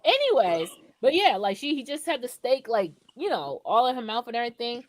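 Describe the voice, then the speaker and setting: A woman co-hosting a podcast, telling a story in casual chat, animated and profane, laughing often. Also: fairly high pitch, a little fast, noisy background. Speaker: podcast co-host.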